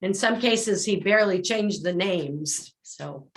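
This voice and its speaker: Slow-speaking woman performer. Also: mid-range voice. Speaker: performer, interview guest. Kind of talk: interview guest.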